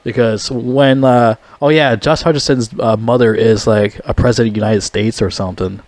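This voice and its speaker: A man's voice: medium pitch, steady tone, moderate pace, a little mellow, no echo. A young man giving a casual movie review, rambling, blunt and full of swearing. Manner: rambling, heavily profane, blunt.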